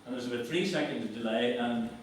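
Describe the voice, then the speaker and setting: A man with a mid-range voice talks fast as a guest speaker giving an anecdotal public talk in a lecture hall. He is conversational, wry, and self-mocking as he tells stories, and he is recorded from far off in the echoey, reverberant hall.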